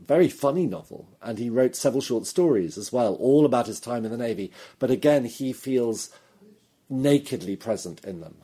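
Dark, husky-voiced novelist. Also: male voice, medium pitch. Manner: thoughtful, detailed, laughs easily. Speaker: novelist guest. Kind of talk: interview conversation.

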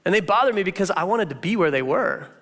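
A man preaching a casual, conversational sermon as a pastor, animated and chatty, full of filler words. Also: sits high, fast talker. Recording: reverberant hall sound.

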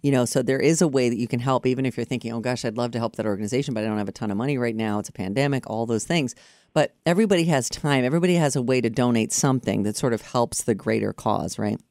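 Male host, fast-paced, friendly and rambling, dry close sound. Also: medium pitch, darkish tone, dry recording. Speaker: interviewer host. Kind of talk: casual interview chat.

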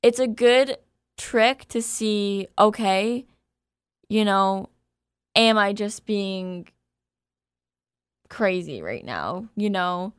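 A woman's voice: mid-range voice, expressive, extremely slow, long pauses, smooth, no room sound, clean studio sound. A woman talking frankly and animatedly in a casual podcast chat, swearing freely.

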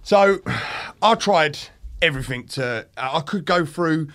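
A man's voice: a little high, animated, slow, fairly bright tone. A young British man telling a candid story in casual chat, swearing freely. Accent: British English. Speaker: podcast guest.

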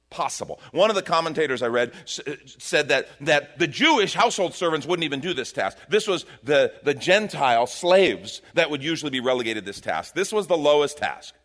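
A middle-aged male pastor delivering a sermon with a bright, forceful edge to his voice. His pitch swings widely as he preaches, rising and dropping through every phrase. He talks to the congregation in a conversational way and acts out the people he quotes.

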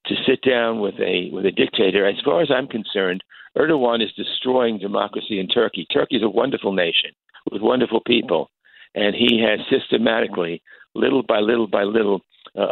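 An older man, a congressman, answering interview questions over the phone, halting with many fillers and restarts. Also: on the low side, gravelly, dry recording. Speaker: congressman guest. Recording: tinny phone line.

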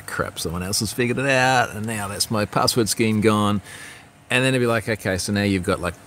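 Man, easygoing livestream host, lowish voice, rambling delivery, faint background noise. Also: fairly bright tone. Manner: rambling, restarts mid-sentence, reads viewer comments aloud. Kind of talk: casual livestream chat. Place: outdoors at home with a view.

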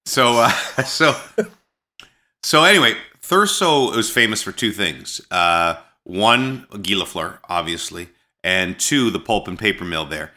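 A man's voice: on the low side, very animated, unhurried, pushed and bright. A Canadian man hosting a podcast, telling rambling stories with many restarts over a remote call. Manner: rambling storyteller, frequent restarts. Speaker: podcast host. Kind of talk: casual chat.

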